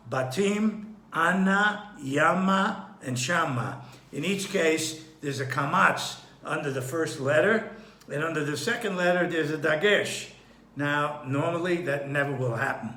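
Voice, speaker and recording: Bright-voiced man teaching Torah. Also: fairly high pitch, roomy sound. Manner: unhurried, thinking aloud with frequent restarts; clears his throat often. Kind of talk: Torah study lesson.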